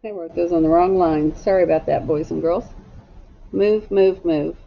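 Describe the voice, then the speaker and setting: A woman's voice: low-pitched, fairly even intonation, brisk, creaky, muffled recording. A woman teacher leading a phonics lesson for young children, sounding out letters one by one and giving patient step-by-step directions. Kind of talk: slow, drawn-out phonics lesson.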